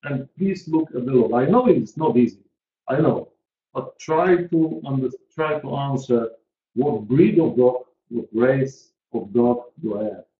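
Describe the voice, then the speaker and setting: A man in his 40s presents a pricing webinar to an online audience, earnest and emphatic, repeating his key points. His voice is mid-range and his pace measured, heard through roomy, dull lo-fi call audio.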